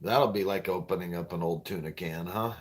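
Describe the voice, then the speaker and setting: A man in his forties with a low voice hosts a livestream at a fairly quick pace, rambling through crude, stand-up style jokes and chatting with viewers. He often laughs at his own punchlines.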